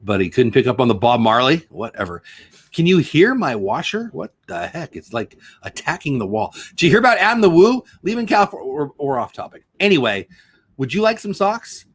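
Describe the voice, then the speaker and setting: A man's voice: mid-range voice, very animated, brisk, slightly rough, no echo. A middle-aged man hosting a casual home livestream, rambling and joking while reading chat comments aloud. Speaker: livestream host.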